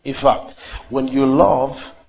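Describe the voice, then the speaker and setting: A man's voice: mid-range voice, fairly even intonation, slow pace, creaky, darkish tone, dull audio. A man preaching a sermon, asking the congregation questions and leading call and response.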